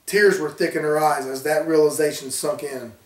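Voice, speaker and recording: A man reading his own horror story aloud with a steady storytelling delivery. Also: fairly high pitch, moderate pace. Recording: roomy, distant from mic.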